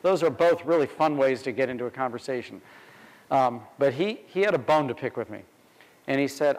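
A man's voice: mid-range voice, animated, brisk, big-room sound, low-quality recording. A man giving a conversational talk on hospitality as a restaurant executive, with quoted exchanges and asides.

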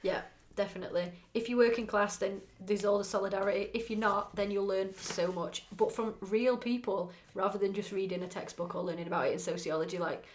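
A woman's voice: medium pitch, steady tone, a little fast, hardly any pauses. Woman co-host, English, casual rambling chat, mid-range voice. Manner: chatty, rambling, lots of "like" fillers. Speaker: podcast co-host.

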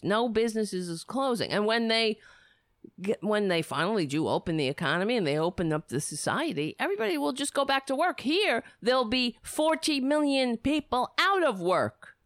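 Scathing woman ranting, pitch swinging. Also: big pitch swings, moderate pace, a bit bright, no echo, studio quality. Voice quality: profane, scathing, sarcastic. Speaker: political commentary host. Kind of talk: angry political rant.

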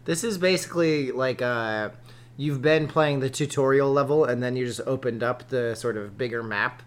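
A man's voice: mid-range voice, moderate pace. A man co-hosting a podcast in loose, casual conversation. His delivery is sarcastic and jokey, full of mocking asides as he picks apart a book. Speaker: podcast co-host reviewing a book. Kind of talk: casual chat.

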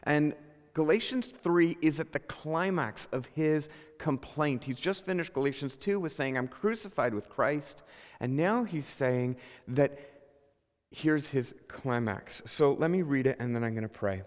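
A man preaching a sermon, conversational and animated, telling stories with emphatic bursts. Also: mid-range voice, a little slow, long reverb tail. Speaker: pastor.

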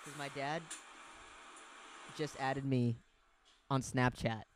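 A man's voice: medium pitch, steady tone, slow pace, a little hiss or hum. A man co-hosting a podcast in casual chat, telling a rambling story and acting out the voices of the people in it. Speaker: podcast co-host.

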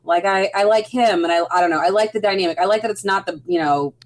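A woman co-hosting a casual podcast chat, animated and opinionated. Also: mid-range voice, quick pace. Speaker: podcast co-host.

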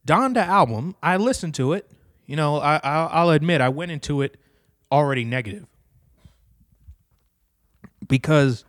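Profane ranting man, lively pitch. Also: no room sound, clean studio sound. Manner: profane, heated, repetitive ranting. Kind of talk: casual opinion rant.

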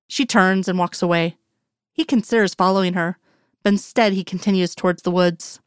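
A woman reading a story aloud in an even, measured narration. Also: lowish voice, smooth, no echo, clean studio sound. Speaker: reader. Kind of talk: storytelling narration of fan fiction.

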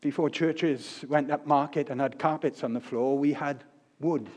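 An older man giving a sermon, telling stories with humor and swinging between loud and soft delivery. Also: a little high, fairly even intonation, moderate pace. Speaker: preacher. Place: church. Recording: long reverb of a church hall.

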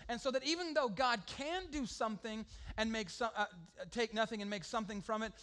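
A man preaching a sermon to a congregation, animated and joking with the crowd. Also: extremely high pitch, brisk. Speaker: pastor.

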